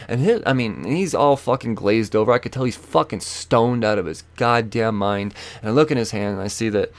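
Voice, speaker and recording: A man hosting a podcast, telling a story in a casual, profane, animated way. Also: on the low side, fairly quick, few pauses. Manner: profane, animated, acts out quoted voices. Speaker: podcast host.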